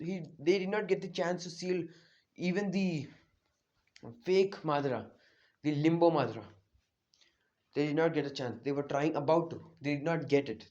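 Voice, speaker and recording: The voice is medium-pitched and somewhat dark. Off the cuff, a fan storyteller casually spins an anime what-if plot, wandering along with plenty of fillers and self-corrections.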